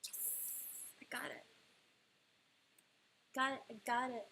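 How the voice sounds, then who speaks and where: A young woman chatting casually on a livestream, excitable and quick to laugh at herself. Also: high voice, slight background noise. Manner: excitable, laughing often, self-deprecating groans. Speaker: illustrator streaming live. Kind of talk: casual livestream chat while playing a drawing game.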